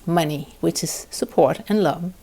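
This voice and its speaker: A woman with a fairly low voice talks straight to her viewers in an earnest, encouraging self-help video. She slows down and lingers when voicing affirmations, leaning into each phrase. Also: warm tone, husky. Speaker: wellness video host. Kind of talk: spoken self-help talk to camera.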